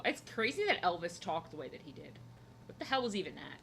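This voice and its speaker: A young woman art streamer chats casually while drawing at her desk at home, hopping from joke to joke and cutting herself off mid-sentence. Her voice is lowish, creaky and fairly bright, very animated and quick, with slight background noise.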